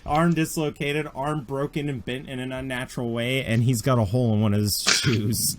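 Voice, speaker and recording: A man narrating as game master of a tabletop role-playing game, lively and often laughing. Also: medium pitch, moderate pace, noisy background.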